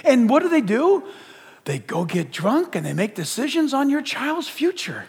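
A man preaching a lively, joking sermon as a pastor, acting out the voices of the people he quotes. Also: very high voice, normal speed, vocal fry, husky. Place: church auditorium. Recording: long hall reverb.

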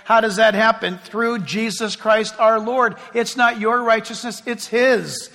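High, bright-voiced man preaching in a hall. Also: unhurried. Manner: lively, conversational preaching with asides and acted-out scenes. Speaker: pastor. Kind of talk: sermon. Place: church sanctuary before a congregation. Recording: long reverb of a large hall.

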